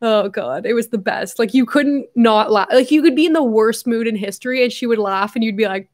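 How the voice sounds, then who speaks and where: A young woman with a fairly high voice talks casually to her viewers on a livestream. She is tearful and emotional, swears freely and chats loosely. Her talk is loose and unscripted, full of fillers. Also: a little fast, darkish tone. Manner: emotional, swears often, reads viewer messages. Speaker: YouTuber hosting a livestream.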